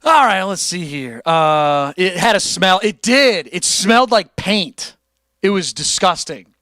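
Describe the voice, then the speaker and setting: Lively, bright-voiced man streaming. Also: high-pitched, a little slow, dry recording. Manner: loose, profane, animated, reads donations aloud. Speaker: livestream host. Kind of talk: casual livestream chat.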